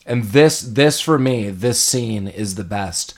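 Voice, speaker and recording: A man's voice: on the low side, animated, takes it slowly, darkish tone. A man and parent, casually chatting about a film as co-host, laughing often and loosely paraphrasing scenes. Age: adult parent. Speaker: podcast co-host.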